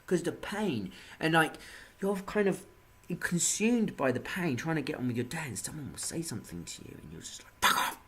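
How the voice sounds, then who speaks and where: A man from England ranting in a casual monologue, swearing often and swinging between low muttering and loud outbursts. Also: big pitch swings, normal speed, background noise.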